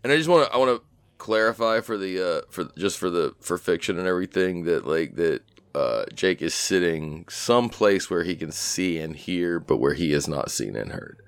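Deep, smooth-voiced man at the table. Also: expressive, moderate pace, no room sound. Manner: careful, clarifying and hesitant. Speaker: player. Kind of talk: out-of-character table talk.

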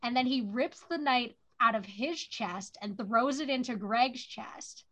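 A woman with a somewhat high, slightly bright voice talks at a measured pace. On a podcast she co-hosts, she recaps a TV episode in chatty fashion, leaning heavily on "like," and the recording sounds dull and lo-fi.

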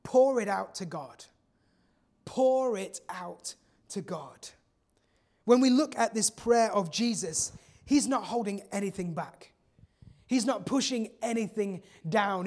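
Sermon voice, earnest and conversational, mid pitch, leans on repeated lines. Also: darkish tone. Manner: earnest, conversational, repeats key phrases for emphasis. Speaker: preacher.

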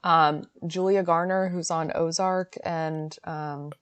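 A woman co-hosting a podcast in casual chat, animated and quick to laugh. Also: deep voice, no echo. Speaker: podcast co-host. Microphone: podcast mic.

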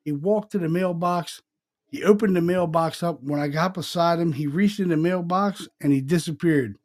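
On a podcast, a middle-aged male co-host rambles through a ghost story in casual chat, swearing freely and acting out the dialogue by quoting what people said. His voice is a little high, at a normal speed.

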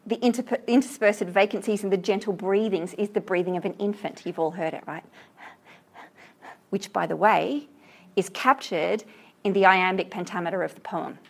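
A woman's voice: medium pitch, gravelly. Enthusiastic woman teacher lecturing on poetry. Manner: enthusiastic, reads verse aloud slowly, asks the class questions. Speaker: literature teacher. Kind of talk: classroom lecture on a poem.

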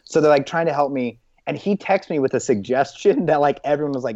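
A man's voice: on the high side, lively intonation, brisk, a little mellow, no room sound. A man calling in to a podcast from his apartment, laid-back and self-deprecating. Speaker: caller, show patron. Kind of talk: casual chat. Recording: dull lo-fi call audio.

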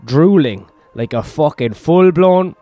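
A man's voice: a little high, expressive, takes it slowly, dark tone, no echo, faint music behind. A worn-out man hosting a rambling solo podcast, crude and self-mocking, swearing constantly. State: tired, run-down. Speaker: comedian podcast host.

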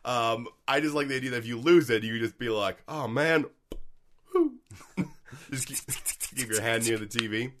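A man in casual comedic chat, playful and quick to laugh. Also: mid-range voice, fairly even intonation, a bit bright, a little hiss or hum. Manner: laughs often, playful and jokey.

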